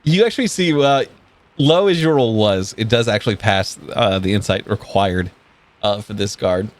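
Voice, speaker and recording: A man's voice: on the low side, normal speed. A man game master narrating a tabletop role-playing game in a casual way, with frequent fillers.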